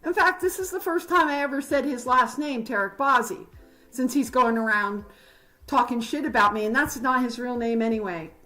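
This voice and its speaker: A woman's voice: on the high side, moderate pace, bright, forceful tone, soft background music, low-quality recording. A woman hosting a livestream, ranting heatedly and confrontationally, rambling with fillers. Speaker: livestream host.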